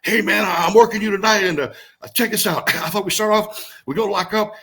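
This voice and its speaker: A man's voice: high-pitched, brisk, pushed and bright, pitched above the performer's own voice. A man doing an eager cocky young wrestler. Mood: overeager.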